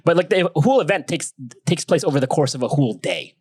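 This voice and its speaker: A man's voice: on the high side, very animated, quick pace, darkish tone, slightly rough, no room sound. A young man co-hosting a podcast, telling a long rambling story in casual chat, swearing a lot and laughing as he goes. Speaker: podcast co-host.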